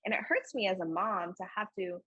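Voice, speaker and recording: A young woman speaking as a podcast guest, earnest and emotional in candid conversation, with a husky voice. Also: medium pitch, a little fast, sharp tone, no room sound, lo-fi sound. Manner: earnest and emotional, frequent fillers and laughs.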